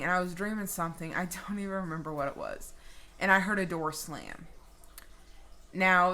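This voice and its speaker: A woman vlogger telling a personal story in a casual, animated way, swearing freely. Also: lowish voice.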